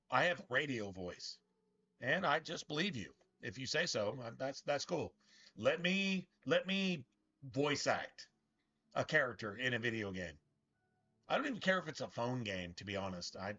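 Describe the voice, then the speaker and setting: A man at medium pitch speaks expressively at normal speed, his tone bright and forceful despite dull audio. He's a gaming streamer whose casual commentary is bitter, profane, and rambling, with many false starts.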